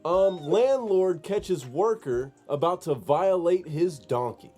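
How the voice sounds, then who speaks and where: A man's voice: sits high, lively intonation, slow pace, mellow, soft background music. A man co-hosting a podcast in casual chat, reading out news stories and joking about them. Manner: joking, acts out quotes with exaggerated voices. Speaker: podcast co-host.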